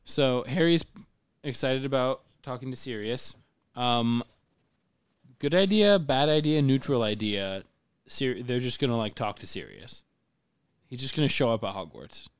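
A man hosting a casual book-club podcast, leading the talk in a dry, wry, gently teasing way. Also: mid-range voice, animated, unhurried, smooth, no echo. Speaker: podcast host leading discussion.

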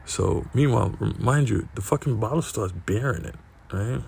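A man's voice: on the low side, normal speed, creaky, a little mellow, a little hiss or hum. A man telling a casual, profanity-heavy anecdote, often tagging lines with "right?" and laughing between them. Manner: profane, keeps asking "right?".

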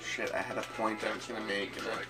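A man's voice: fairly low pitch, level tone, quick pace. A man co-hosting a casual wrestling watch-along, mostly giving short, blunt, dry answers. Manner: terse, dry, blunt replies. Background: TV broadcast with music.

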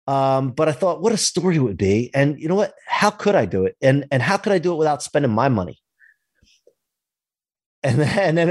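Husky man telling a story. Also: mid-range voice, no room sound, studio quality. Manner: animated, acts out quoted dialogue, swears casually. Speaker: podcast guest, entrepreneur. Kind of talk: casual storytelling interview.

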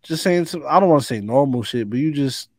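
A man with a mid-pitched voice trades opinions on a casual podcast, blunt and heavy on swearing, often breaking into laughter. The sound is dry and close to the mic. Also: lively intonation, fairly quick, dry recording. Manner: blunt and profane, laughs at his own jokes. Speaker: podcast co-host. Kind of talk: casual chat.

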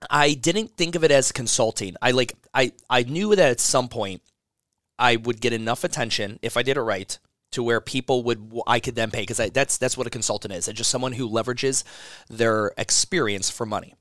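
A man's voice: mid-range voice, fairly quick, fairly bright tone, no room sound, clean studio sound. A man who runs a gym consulting business talks casually in an interview, rambling with frequent restarts and swearing freely.

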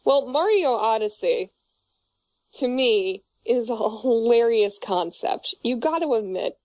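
A young woman in casual chat, her voice a little high and slightly muffled. She rambles, restarts her sentences and swears freely. The recording is dry, with no room sound. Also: expressive, takes it slowly, a little mellow, dry recording.

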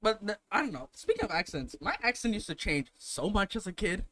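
A young man from Botswana co-hosts a casual podcast. His voice is bright and forward. He tells loose stories full of fillers and swearing. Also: sits high, sing-song, brisk. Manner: swearing, storytelling with lots of fillers. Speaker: podcast co-host. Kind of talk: casual chat.

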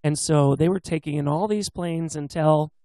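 A man co-hosting a casual podcast chat, animated and playful, slipping into jokey put-on accents. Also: a little high, normal speed, dry recording. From Pacific Northwest. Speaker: podcast co-host.

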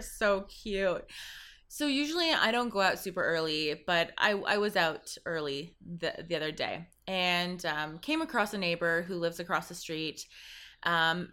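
A woman's voice: on the low side, pushed and bright. A woman from Canada, hosting a podcast in a rambling, profane, casual chat and laughing at her own jokes. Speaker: podcast host.

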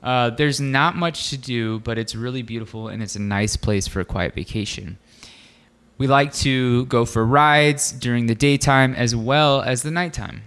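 A man's voice: medium pitch, normal speed, a bit bright, clean tone. A man co-hosting a casual podcast, reading a story aloud in a laid-back way with lots of fillers and asides. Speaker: podcast co-host.

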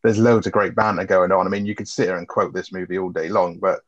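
A man co-hosts a casual film review podcast, recapping scenes with banter, cursing freely and laughing as he quotes lines. His low voice is flat and quick, and the lo-fi audio sounds muffled, with a noisy background.

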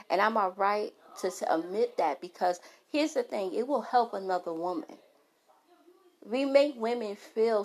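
Frank, gravelly-voiced woman vlogger. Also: medium pitch, darkish tone. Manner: emphatic, frank, stumbling restarts. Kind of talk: candid talk to camera.

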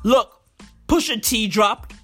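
A woman ranting in a loud, hyped, comedic vlog, swearing often and repeating herself. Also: a little high, slow, soft background music. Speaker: vlogger. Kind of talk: casual comedic rant.

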